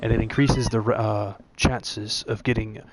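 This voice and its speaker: A man's voice: fairly low pitch, level tone, a little slow, background noise. A man giving casual gameplay commentary, chatting and explaining tips to his viewers. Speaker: let's play streamer. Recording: game music behind the voice. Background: game music.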